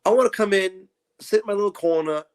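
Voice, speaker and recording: High-voiced man swearing through stories. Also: quick pace, smooth. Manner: profane, animated storytelling with acted-out quotes. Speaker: podcast co-host. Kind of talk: casual chat.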